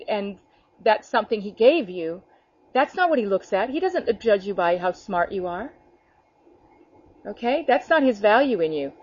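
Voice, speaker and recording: Woman, fairly high voice, earnest spontaneous preacher to a small group, dull video-call sound. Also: darkish tone. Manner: earnest, addresses listeners by name, punctuates with "okay?". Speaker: prayer group teacher.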